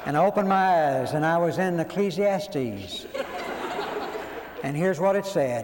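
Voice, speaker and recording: A man, preaching a sermon as folksy, animated storytelling and acting out quoted voices. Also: fairly high pitch, unhurried, long pauses. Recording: long hall reverb, faint background noise.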